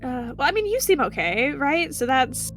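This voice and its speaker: A woman's voice: high voice, sing-song, normal speed, a bit bright, faint music behind. Hesitant, giggly woman player. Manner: hesitant, full of fillers, giggly. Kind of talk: playing a character in a tabletop game.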